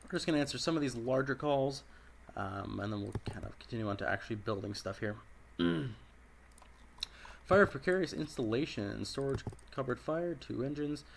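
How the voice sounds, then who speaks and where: A man with a raspy voice giving casual commentary over a dispatch game, clearing his throat often as he methodically works through each call. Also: mid-range voice, animated, normal speed, slight background noise. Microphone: personal desk microphone.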